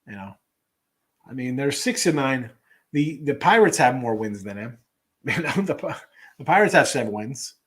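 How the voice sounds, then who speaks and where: A man's voice: medium pitch, sing-song, normal speed, long pauses, fairly bright tone. A middle-aged man hosting a sports betting show, talking casually in a rambling way with lots of fillers and restarts.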